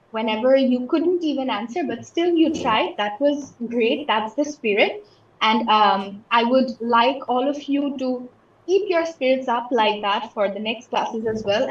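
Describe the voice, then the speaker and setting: A woman's voice: a little high, reverberant, dull audio. A woman teaching an English class from Bangladesh, explaining patiently with many examples and checking that students follow. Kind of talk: online class lesson.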